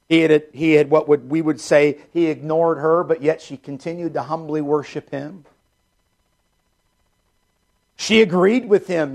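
Gravelly-voiced male preacher. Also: fairly high pitch. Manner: earnest, repetitive preaching, drops soft for prayers. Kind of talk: sermon.

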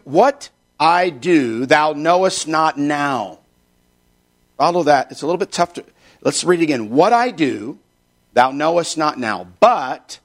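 Man preaching with earnest asides. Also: on the high side. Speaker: pastor. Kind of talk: sermon.

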